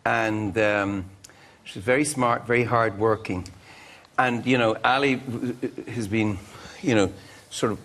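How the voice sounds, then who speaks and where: A man's voice: lowish voice, fairly even intonation, a little slow, a bit bright. A middle-aged man from Ireland, a guest musician on a chat show, telling a long rambling anecdote and breaking off to act out what people said. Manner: rambling, self-interrupting storyteller acting out quotes.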